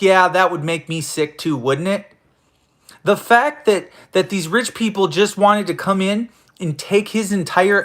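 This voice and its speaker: High-voiced guy hosting his own show, cussing out his listeners, stammers and restarts a lot. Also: fairly bright tone. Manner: profane, confrontational, stammering restarts. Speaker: host of an online audio room show. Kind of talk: angry ranting monologue.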